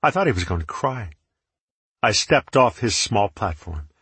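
A man reads a first-person fantasy story aloud with a steady, measured delivery. His voice is low and husky. The recording is dry and close. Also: no echo. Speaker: audiobook narrator.

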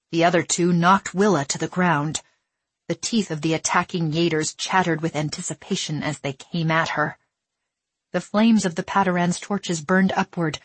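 A woman reading a novel aloud in steady, dramatic storytelling narration. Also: on the low side, breathy edge, no echo. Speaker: audiobook narrator. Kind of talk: scripted narration.

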